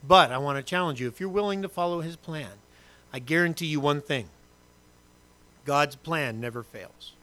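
Bright, animated preaching man. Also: on the high side, moderate pace. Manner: animated, acts out quotes and asides with humor. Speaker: pastor. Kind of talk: sermon.

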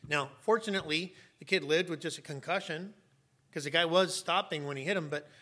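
This middle-aged man, a pastor, delivers a sermon briskly in a voice on the high side. He is emphatic, occasionally climbing to sharp, raised shouts.

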